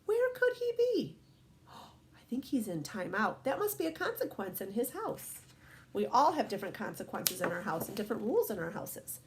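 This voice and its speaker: A woman teacher reading picture books aloud to young children, gentle and encouraging, often asking them questions. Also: medium pitch, big pitch swings, moderate pace, a little hiss or hum. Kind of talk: storybook read-aloud lesson.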